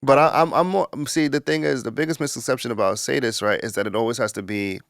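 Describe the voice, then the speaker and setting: A man talking as a guest on a podcast, relaxed and laughing easily, with drawn-out hums. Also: mid-range voice, dry recording, studio quality. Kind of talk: casual interview chat.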